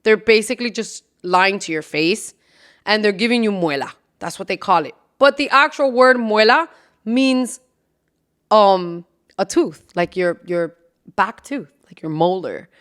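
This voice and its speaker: A woman's voice: medium pitch, expressive, measured pace. A woman hosting a casual podcast, brash and profane, laughing often and dropping into whispered asides. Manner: brash and profane, laughing, switching into Spanish phrases; drops into loud whispers for asides. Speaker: podcast host. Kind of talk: casual solo podcast chat.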